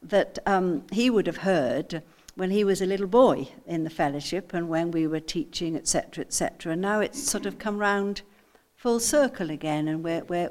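An older woman giving a sermon in a reflective, unhurried way, asking rhetorical questions and repeating phrases for emphasis. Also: lowish voice, a little mellow. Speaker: pastor.

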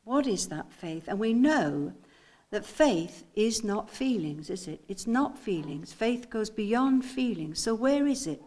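A woman preaching a sermon, reading scripture slowly with emphasis and asking her listeners rhetorical questions. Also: mid-range voice, expressive, darkish tone. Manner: slow, deliberate delivery with emphatic scripture readings. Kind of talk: sermon teaching.

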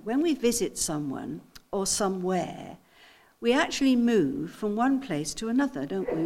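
An older woman giving a sermon in a reflective, unhurried way, asking rhetorical questions and repeating phrases for emphasis. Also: medium pitch. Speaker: pastor.

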